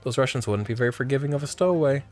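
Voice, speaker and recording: A man reading the part of a calm, confident young male law student from a game, in a smooth, self-assured tone. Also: medium pitch, racing, faint music behind, natural voice.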